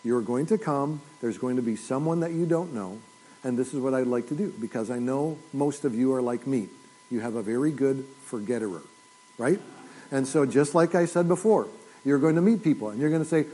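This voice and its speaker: A man preaching a sermon as pastor, telling stories in a folksy way and dropping to soft, intense lows. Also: animated, moderate pace, low-quality recording. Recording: audio recording of a church sermon.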